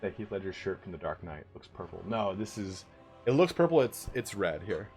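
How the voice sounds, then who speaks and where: A man's voice: sits low, sing-song, moderate pace, a little mellow, soft background music. A man hosting a live stream, chatting casually with viewers in a joking, profane way. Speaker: livestream host of a game league.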